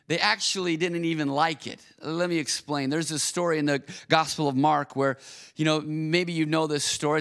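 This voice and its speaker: A man delivers a casual sermon in a conversational tone, his voice sitting a little high. He often restarts and repeats his words. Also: a bit bright. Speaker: pastor.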